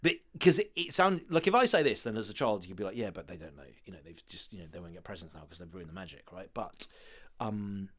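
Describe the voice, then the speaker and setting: Animated, laughing English man chatting. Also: low voice, fast, slightly rough. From south of England. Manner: rambling, laughs often, animated storytelling. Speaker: podcast co-host. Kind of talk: casual chat.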